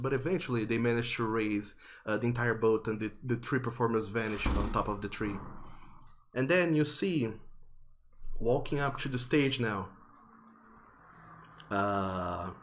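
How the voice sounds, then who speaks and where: A man narrating a tabletop game as game master, unhurried and descriptive with frequent fillers. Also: mid-range voice.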